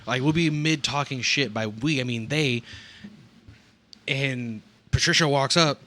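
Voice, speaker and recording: A man chatting loosely on a podcast with a bright, forceful voice, swearing freely and cutting off his own thoughts. His talk wanders from one aside to the next with blunt, crude jokes. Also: mid-range voice, measured pace. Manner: rambling, crude, profane, self-interrupting. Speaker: podcast co-host; nursing home worker. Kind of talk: casual podcast chat.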